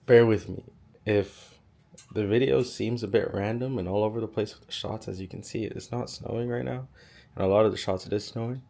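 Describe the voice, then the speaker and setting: A young man, hoarse from being sick, chatting casually as he gives a room tour. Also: on the low side, fairly even intonation, fairly quick, darkish tone. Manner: chatty, lots of "like" and "so". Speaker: YouTuber giving a room tour. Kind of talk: casual vlog walkthrough.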